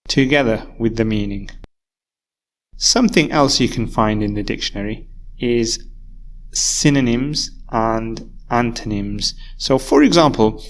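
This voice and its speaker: A man teaching a recorded English vocabulary lesson, explaining patiently and repeating key words. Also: mid-range voice. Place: university course video.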